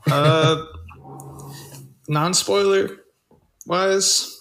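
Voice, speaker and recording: A man's voice: high voice, fairly even intonation, extremely slow, fairly bright tone. A man co-hosting a casual movie review podcast, giving brief, hesitant, clipped answers. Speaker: podcast co-host.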